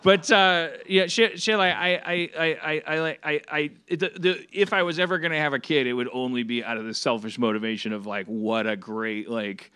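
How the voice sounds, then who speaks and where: Man, slightly raised pitch, rambling anecdotal podcast talker with constant stammered restarts. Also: fairly even intonation, moderate pace, few pauses, pushed and bright, clear, resonant tone. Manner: rambling, stammering restarts, laughing while telling. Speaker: podcast panelist telling a story. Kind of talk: casual chat. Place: live podcast stage.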